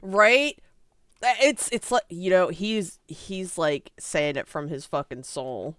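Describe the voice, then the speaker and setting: A woman's voice: on the low side, slow pace, dry recording. A woman streamer giving casual reaction commentary, talking bluntly and swearing freely.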